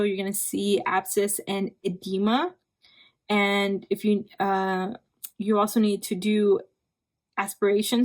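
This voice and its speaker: A woman's voice: mid-range voice, a little mellow. A young woman giving a casual study review lecture, talking conversationally, repeating key terms and checking in with "right?", a bit tired from hours of recording. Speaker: physician assistant student.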